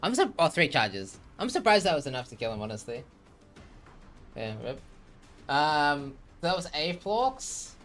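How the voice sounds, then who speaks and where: A relaxed man giving casual game commentary as a co-caster, teasing his partner. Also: on the high side, a little slow, soft background music.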